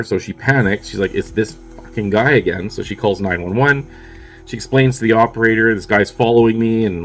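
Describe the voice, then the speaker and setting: A man casually recapping a movie plot for his review show, offhand and peppered with swearing and fillers. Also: lowish voice.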